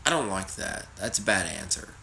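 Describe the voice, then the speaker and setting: A man's voice: deep voice, animated, moderate pace, vocal fry, pushed and bright, slight background noise. A man co-hosting a podcast in casual, profane, joking chat. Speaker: podcast co-host. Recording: roomy echo.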